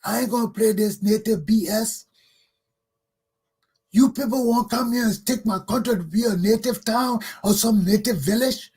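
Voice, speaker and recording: A man's voice: sits high, normal speed, darkish tone, husky. A Liberian man hosting a talk show, delivering an angry, scolding monologue that circles back on itself. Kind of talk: ranting monologue.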